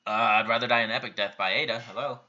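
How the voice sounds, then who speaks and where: A man's voice: mid-range voice, steady tone, quick pace, pushed and bright, highs cut off. A young man hosting a live viewer Q&A, reading out questions and answering them offhand and bluntly in a casual chat. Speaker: YouTube channel host answering viewer questions.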